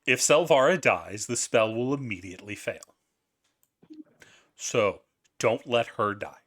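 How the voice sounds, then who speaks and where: A man running a tabletop game as game master, casual and quick to laugh and swear. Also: medium pitch, expressive, fairly bright tone.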